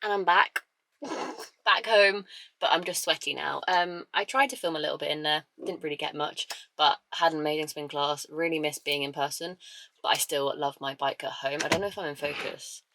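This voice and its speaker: A woman chats to a handheld camera in a casual vlog, gushing and easily excited. Her voice sits slightly low but has a sharp, very bright edge. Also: normal speed. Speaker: vlogger.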